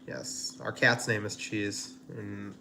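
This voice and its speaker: A man's voice: on the low side, flat delivery, slow pace, noisy background. A man hosting a casual cooking livestream from his home kitchen, rambling and chatty with lots of fillers. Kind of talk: casual live-stream chat.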